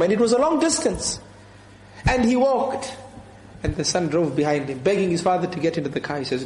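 Male preacher, fairly high voice, earnest and repetitive, roomy echo. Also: animated, fairly quick, a little mellow, a little hiss or hum. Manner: earnest, repeats key phrases, quotes Arabic scripture. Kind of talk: sermon.

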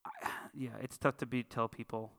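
A man's voice: mid-range voice, normal speed. A man co-hosting a podcast, telling stories in casual chat and jumping into voices as he goes. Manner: animated storyteller, jumps into voices. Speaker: podcast co-host.

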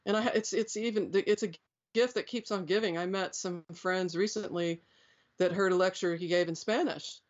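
A middle-aged woman recalls her past while being interviewed, her voice on the low side, steady in tone, and at a normal speed. She rambles, often restarting and using fillers, and the recording is dull and lo-fi.

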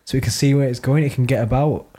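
Young dude, mid voice, jokey quick podcast banter. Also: male voice, medium pitch, mellow. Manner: jokey, quick reactions, laughs along. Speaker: podcast co-host. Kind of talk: casual chat.

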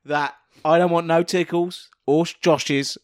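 A man's voice: a little high, steady tone, measured pace, no echo, clean studio sound. A man co-hosting a comedy podcast, blunt, jokey and sweary. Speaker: podcast co-host. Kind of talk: casual comedy banter.

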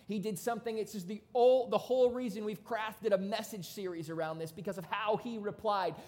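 A pastor preaching a sermon in a church, casual and conversational, with sudden loud bursts. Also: mid-range voice, steady tone, brisk.

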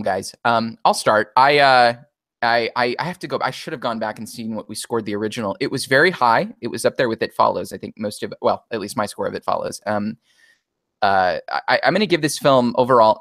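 A man's voice: medium pitch, a bit bright, no echo, studio quality. A man co-hosting a podcast in casual chat, analytical and thinking aloud with frequent restarts. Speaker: podcast co-host.

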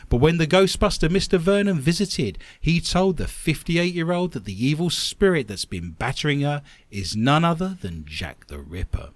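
A man's voice: on the high side, no room sound. A man hosting a comic radio show, reading odd news stories with sarcastic asides. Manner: joking, sarcastic asides, laughs often.

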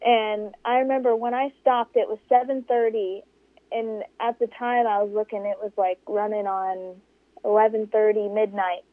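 Over a tinny phone line with no echo, a woman who races in the desert tells an interviewer a story from a race. She's animated, acting out the people she quotes with big jumps in pitch.

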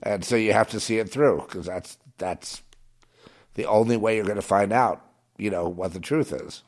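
A man delivering a rambling political monologue, halting and restarting, swinging from muttering to agitated outbursts. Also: fairly low pitch. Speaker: commentator.

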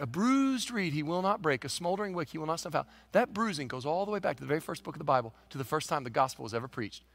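A man preaching a sermon as pastor, swinging between hushed, quiet stretches and shouted peaks. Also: medium pitch.

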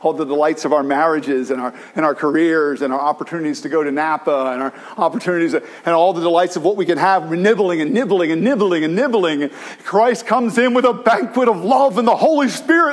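A man's voice: fairly high pitch, brisk, hardly any pauses. A male pastor preaching a sermon, impassioned and repetitive, often restarting his phrases. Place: church in San Francisco.

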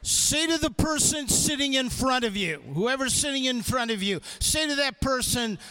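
A man speaking as a guest youth speaker to students, animated and coaxing, calling out prompts for the audience to repeat. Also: extremely high pitch, normal speed, clear, resonant tone. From from the Chicago area. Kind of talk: energetic chapel talk to students.

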